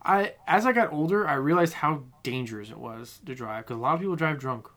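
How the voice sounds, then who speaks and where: Laid-back guy hosting a pod, bright voice, lots of likes and ums. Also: a little high, lively intonation, fairly quick. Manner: laid-back, rambling with fillers. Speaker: podcast host. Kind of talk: casual chat.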